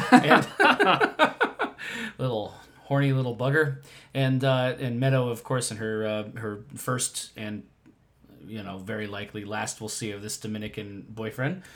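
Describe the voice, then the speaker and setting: A man's voice: medium pitch, steady tone, moderate pace, a bit bright. A man co-hosting a podcast, chatting casually and emphatically about a TV drama, sometimes swearing. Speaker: podcast co-host. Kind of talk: casual chat.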